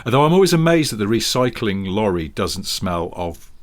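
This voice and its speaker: A man's voice: on the low side, very animated, normal speed. A man co-hosting a casual podcast chat, telling a story in a wry way. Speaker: podcast co-host. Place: home.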